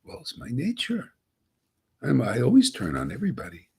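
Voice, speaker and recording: A man voicing a treacherous snake that speaks in a flat, matter-of-fact way. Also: medium pitch, moderate pace, gravelly, breathy edge, exaggerated voice. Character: treacherous snake, male, cold.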